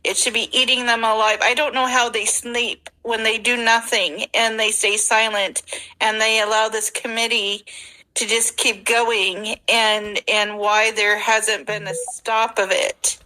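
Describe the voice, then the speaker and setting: A woman's voice: on the high side, poor audio. A woman caller speaking with indignation, then praying aloud over the cause. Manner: slow, even, indignant, prays aloud. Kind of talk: spoken prayer and political talk.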